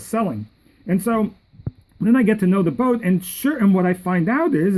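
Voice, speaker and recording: A man's voice: high-pitched, darkish tone, low-quality recording. A middle-aged man, a yacht captain, telling a long story in a casual, rambling way, repeating himself and quoting others.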